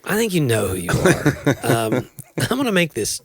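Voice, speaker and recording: A man's voice: mid-range voice, huge pitch swings, moderate pace, over a noisy crowd. A man co-hosting a podcast, talking in an earnest, reflective way and laughing easily. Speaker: podcast co-host. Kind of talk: casual chat.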